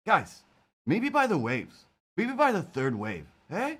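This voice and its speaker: A laid-back, slow-talking surfer dude with a Canadian accent, put on by a man. He drawls, leans on "bro" and "eh", and his pitch swoops up and down. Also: huge pitch swings, a bit bright, slightly rough, full character voice. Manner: drawling, keeps calling everyone bro.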